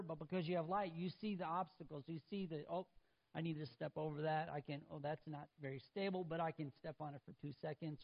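A man preaching a sermon as a pastor, telling a story with lively acted-out voices and asides to the congregation. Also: fairly high pitch, lo-fi sound. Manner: animated storytelling, acts out voices, talks to the congregation.

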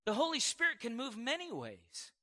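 A man in his forties preaching a sermon to a congregation, animated and storytelling, with chuckles and acted-out quotes. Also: very high-pitched, moderate pace. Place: church service before a congregation.

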